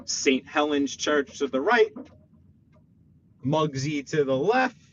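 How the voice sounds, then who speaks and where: A man chatting with his live viewers while driving, joking and teasing in an animated way. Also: on the high side, takes it slowly. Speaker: live-streaming driver. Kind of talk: casual live-stream commentary while driving. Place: inside a moving car. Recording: dull lo-fi car audio with faint road noise.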